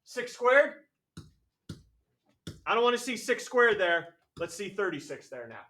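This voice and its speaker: A male math teacher lecturing a classroom, energetic and jokey, calling on students by name. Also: high voice, fairly quick, slight background noise. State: out of breath.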